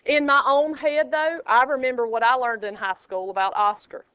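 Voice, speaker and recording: A woman teaching a high school math class, chatty and joking, quizzing her students as she goes. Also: fairly even intonation, moderate pace, smooth, dry recording, dull audio. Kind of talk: classroom lecture.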